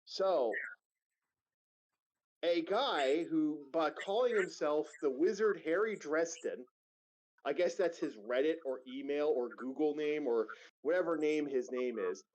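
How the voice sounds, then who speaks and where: A man's voice: on the high side, lively intonation, a little slow, a little mellow. A man on a livestream, casually retelling a wild story with profanity, rambling asides and laughter. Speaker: streamer co-host. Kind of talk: casual stream chat retelling a news story. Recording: lo-fi muffled stream audio.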